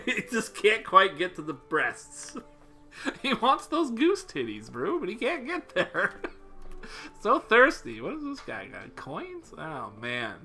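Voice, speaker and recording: A livestreamer laughs through live gameplay commentary, voice sharp and piercing, swinging widely in pitch. The talk is unhurried, playful and full of swearing, with long laughing fits that end in tears. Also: wildly swooping pitch, faint music behind. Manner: profane, playful.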